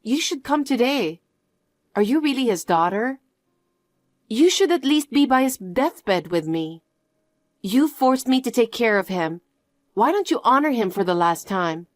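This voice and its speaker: Female storyteller, earnest and pleading, fairly high and lively, dry close recording. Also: measured pace, no echo. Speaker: story narrator. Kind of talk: scripted story narration.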